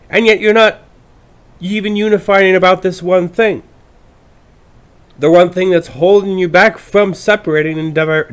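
Profane, rambling male podcast host. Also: sits high. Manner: profane, rambling, with frequent restarts. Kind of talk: ranting political monologue.

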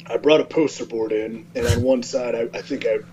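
A man's voice: medium pitch, fairly quick. Man in his thirties, laughing storyteller. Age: 30s. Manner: laughing storyteller, relaxed, self-mocking. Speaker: guest. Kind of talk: casual podcast chat. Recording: slightly dull sound with faint hum.

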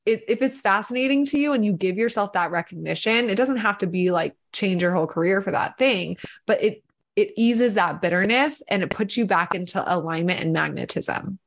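A woman's voice: mid-range voice, lively intonation, fairly quick. Earnest chatty woman, lots of "like". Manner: flowing, earnest, quotes imagined speech, many "like" fillers. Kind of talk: casual podcast conversation.

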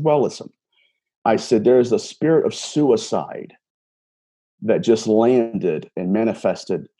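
Speaking in a husky, mellow voice on the low side, a self-described empath shares a personal story. He relays a conversation line by line, earnest and casual, repeating words and restarting often.

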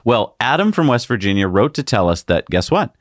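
A man co-hosting a casual tech news show, sarcastic and animated. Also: medium pitch, a little fast, no room sound, clean studio sound. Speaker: co-host.

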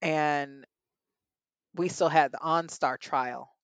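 A woman's voice: low-pitched, fairly even intonation, slow, clean tone, dry recording, rough recording. A young adult woman, a podcast guest, candidly and earnestly telling a personal story in an interview.

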